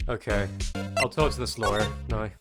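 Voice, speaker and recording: A man streaming a game, reading its text aloud in a relaxed, chatty way with dry asides. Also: lowish voice, normal speed. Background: game music.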